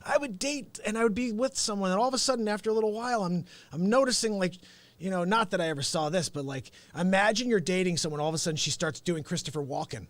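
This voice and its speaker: Male live-streaming host, high and very expressive, animated storyteller who does impressions, dry close recording. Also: fast, dry recording. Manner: laughs often and talks straight to viewers. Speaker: host and real estate agent. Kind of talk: unscripted live-stream talk.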